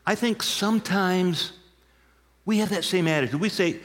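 A man in his sixties, a pastor of many years, preaching a sermon and telling stories with emphatic, shouted punchlines. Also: high-pitched, moderate pace. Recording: long hall reverb.

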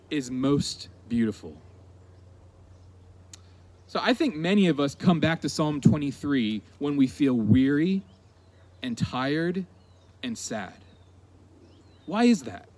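A pastor preaching an earnest sermon to his congregation, stressing key words with deliberate pauses. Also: fairly high pitch.

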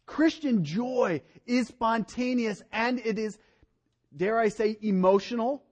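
High-voiced animated preacher man. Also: slow. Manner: animated, voice rising and dropping for emphasis. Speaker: pastor. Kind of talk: sermon.

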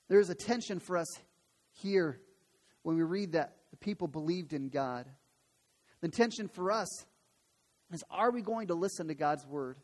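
Repeating phrases for emphasis, a pastor delivers an earnest, forceful sermon in a church sanctuary. His voice is a little high with a darkish tone, and the recording has long hall reverb.

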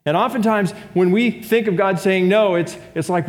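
High-voiced preacher in a reverberant church. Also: male voice, normal speed, hardly any pauses. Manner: conversational preaching with rhetorical questions to the congregation. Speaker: pastor. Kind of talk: sermon. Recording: long reverb of a large room.

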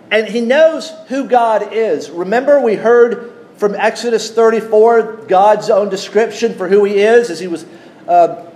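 A man preaching a sermon, teaching at an unhurried pace and putting questions to his congregation. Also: sits high. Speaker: pastor.

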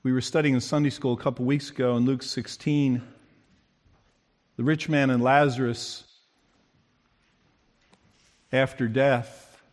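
A man preaching a sermon who acts out the quoted speakers with big swings in pitch and loudness. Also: little pitch movement, unhurried, long pauses.

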